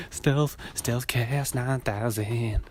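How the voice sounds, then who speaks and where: A man's voice: medium pitch, very slow, darkish tone, a little hiss or hum. A man hosting a podcast, telling a rambling, profane story and acting out the people in it. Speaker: podcast host. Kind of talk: casual chat.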